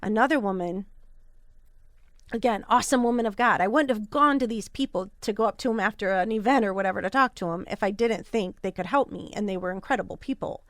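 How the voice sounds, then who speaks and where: A woman in her thirties hosting a podcast, telling a personal story in a candid, earnest and animated way. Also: mid-range voice, fast, no room sound, studio quality. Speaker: podcast host.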